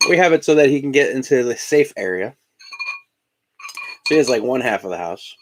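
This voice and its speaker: A man from Indiana hosts a relaxed live-stream chat between bites of breakfast. His voice sits at an ordinary middle pitch but swings widely up and down as he talks. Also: brisk, long pauses, slight background noise. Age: adult parent of young children. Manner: chatty, talks while eating breakfast. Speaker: live-stream host and collector.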